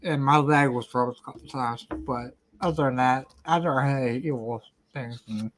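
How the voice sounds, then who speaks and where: A host in a casual chat, talking haltingly and often repeating words. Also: medium pitch, a little hiss or hum.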